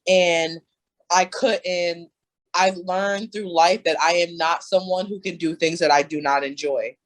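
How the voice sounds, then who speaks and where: A woman's voice: fairly low pitch, fairly even intonation, a little slow, rough recording. A young woman talking candidly as a coaching client, earnest and emphatic, with many fillers and restarts. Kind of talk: candid conversation.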